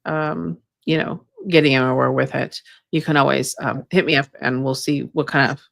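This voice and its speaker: A woman's voice: extremely low pitch, fairly even intonation, moderate pace, creaky, dry recording, studio quality. A woman co-hosting a casual live stream about energy healing, rambling with many fillers. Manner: rambling, many ums and you-knows. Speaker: co-host, energy healer.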